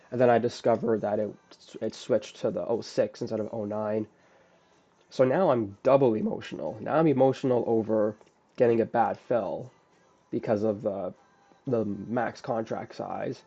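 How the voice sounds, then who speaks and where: A man's voice: medium pitch, fairly even intonation, normal speed, mellow, muffled recording. A man bluntly and profanely going over his own trade mistakes in a casual recap, restarting his sentences often. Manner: blunt, profane, self-critical, frequent restarts. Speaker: day trader.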